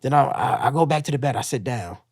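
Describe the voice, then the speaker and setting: Lively, profane man telling a raw story. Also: medium pitch, fast talker, husky, no echo, studio quality. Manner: raw, profane, acts out quoted voices. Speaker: guest telling his story. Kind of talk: casual storytelling.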